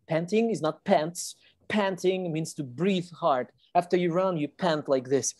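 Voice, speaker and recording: A woman's voice: deep voice, measured pace, a little mellow, no echo. A woman teacher reading a storybook aloud to children on a video call and patiently explaining the words.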